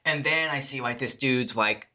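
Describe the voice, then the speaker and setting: A man casually telling a long, profane story, animated and acting out the people in it. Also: mid-range voice, moderate pace. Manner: animated, swears a lot, acts out quoted people.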